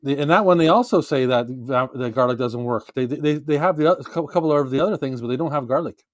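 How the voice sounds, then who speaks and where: A man's voice: medium pitch, quick pace, no room sound. A man hosting a casual podcast chat, playful and laughing often. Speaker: podcast host.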